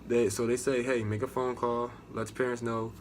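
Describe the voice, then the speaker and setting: A man's voice: medium pitch, level tone, moderate pace, slight background noise. A young American man with an American accent, casually recounting his navy boot camp experience in a profane, rambling way with many restarts. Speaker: navy recruit sharing experience. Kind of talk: casual storytelling vlog.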